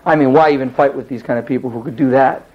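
A man teaching a Bible story in a lively, rambling way, often restarting his sentences. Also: medium pitch, fast, muffled recording. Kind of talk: animated Bible storytelling lesson.

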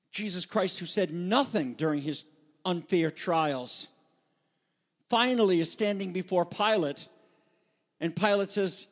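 A man preaching a sermon with passion, moving between loud emphatic peaks and hushed, intimate asides. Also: high-pitched, expressive, normal speed, in a large hall. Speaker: pastor.

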